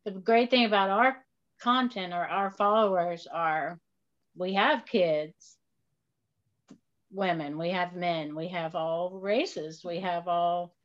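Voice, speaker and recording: A woman's voice: lowish voice, steady tone, slow pace, highs cut off. A middle-aged woman, a guest in a casual interview, speaking hesitantly with many fillers.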